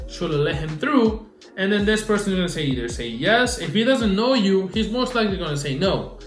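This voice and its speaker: Animated young man giving sales advice. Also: on the high side, echoey room. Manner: animated, repeats himself, acts out phone calls. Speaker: social media marketing coach. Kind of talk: casual advice vlog.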